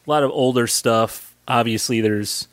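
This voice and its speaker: A married man co-hosting a podcast, talking in easygoing, halting casual chat with fillers and restarts. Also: medium pitch, no room sound. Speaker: podcast co-host.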